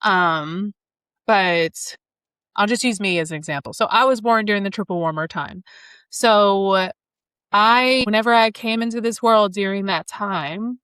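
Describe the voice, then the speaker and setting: A woman's voice: medium pitch, unhurried, a bit bright, clean tone, dry recording. Enthusiastic woman astrologer, dry sound. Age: 30s. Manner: enthusiastic, flowing, spiritual wording. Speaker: astrologer and podcast host. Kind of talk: casual spiritual conversation.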